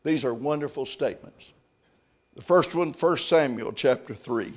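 A man delivers a sermon in a mid-range voice at normal speed. He reads scripture aloud, then follows it with quieter, reflective asides.

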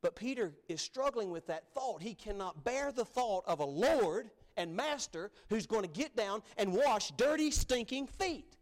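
Animated, higher-voiced preacher. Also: male voice, unhurried, hardly any pauses. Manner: animated, emphatic, acts out scripture voices. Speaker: pastor. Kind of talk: sermon.

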